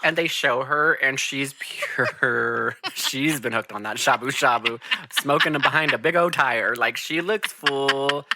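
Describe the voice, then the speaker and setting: A woman's voice: very deep voice, measured pace, background noise. A woman co-hosting a podcast who riffs playfully and jokes her way through a casual film recap. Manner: joking, playful riffing. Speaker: podcast co-host. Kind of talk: casual movie recap chat.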